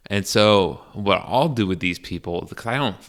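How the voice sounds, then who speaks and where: A man's voice: fairly low pitch, moderate pace. A young man hosting a podcast alone, rambling crudely in a casual monologue full of fillers and restarts. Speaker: podcast host.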